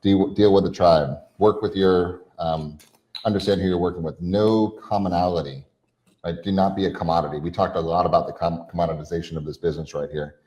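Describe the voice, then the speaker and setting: Deep-voiced man coaching in rapid lists. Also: fairly even intonation, darkish tone, dull audio. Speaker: podcast co-host. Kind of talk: casual chat.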